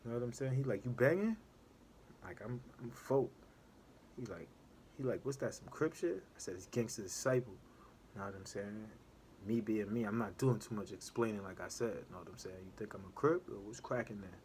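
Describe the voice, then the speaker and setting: A man's voice: on the low side, fairly quick, darkish tone. Guy telling a prison story real casual, keeps saying know what i'm saying, bit of faint noise behind. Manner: laid-back street talk, keeps asking "know what I'm saying".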